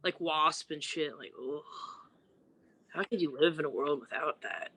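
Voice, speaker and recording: A woman's voice: deep voice, moderate pace, sharp tone, husky. A woman guest musician chatting casually on a podcast, telling candid, loose stories and mimicking people.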